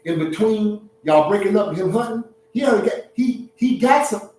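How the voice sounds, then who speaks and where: A man hosting a relationship talk, giving blunt, preachy advice to an audience in an animated, streetwise way, laughing at his own points. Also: high voice, normal speed, very echoey, recorded from a distance, a little hiss or hum, rough recording.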